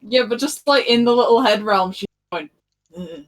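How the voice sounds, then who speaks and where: A woman's voice: on the high side, normal speed. A woman playing a tabletop game with friends, chatting casually and giggling. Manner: giggly, speaks in character asides. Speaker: player.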